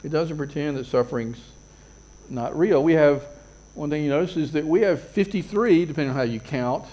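A middle-aged man delivers a sermon in a plain, conversational way, his voice sitting a little on the high side. He talks through his points with rhetorical questions and easy asides, like a pastor talking with his congregation. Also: moderate pace, dark tone, low-quality recording.

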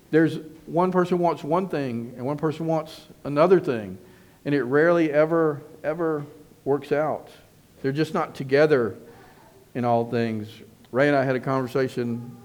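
A middle-aged man preaching a sermon at a mid pitch. He is earnest and emphatic, hammering points home by repeating them. His phrases often restart as he works toward what he wants to say. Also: darkish tone. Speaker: pastor.

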